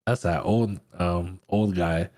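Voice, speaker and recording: A man's voice: deep voice, steady tone, slow, darkish tone. A young man co-hosting a morning talk show, laid-back and profane, drawing out his reactions. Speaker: co-host. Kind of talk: casual profane banter.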